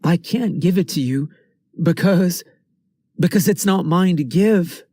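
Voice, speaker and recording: A man's voice: high voice, measured pace, mellow, no echo, clean studio sound, voice pushed up. A man voicing a stammering scared teen boy. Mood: nervous. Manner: stammering, pleading. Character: frightened teenage boy.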